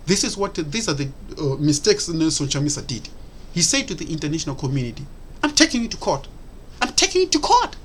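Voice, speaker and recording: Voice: medium pitch, a bit bright, husky. Emphatic, repetitive political commentator. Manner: emphatic and repetitive, with rhetorical questions; frequent hesitant fillers. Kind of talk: impassioned solo political commentary.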